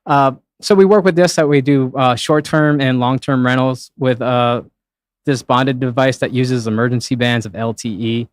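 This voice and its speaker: A man's voice: medium pitch, steady tone, normal speed, no echo. A man working as a live event streaming producer, answering interview questions in a rambling, casual way, with plenty of fillers and acted-out quotes.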